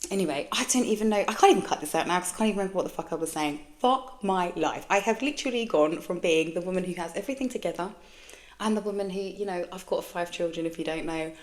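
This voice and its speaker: A woman in her forties hosts a candid solo podcast in a low voice. She talks frankly and swears often. She rambles, restarts and trails off as she goes. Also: lively intonation, fairly quick. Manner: restarts and trails off mid-thought. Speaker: podcast host.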